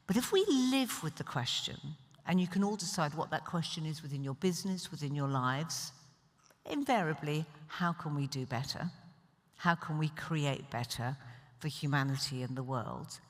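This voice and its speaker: A middle-aged British woman speaking from a conference stage, chatty and animated with wry asides. Her voice sits a little low, and long reverb trails off each phrase in the big hall. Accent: British English. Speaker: keynote speaker. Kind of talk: conference keynote speech. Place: large festival stage hall.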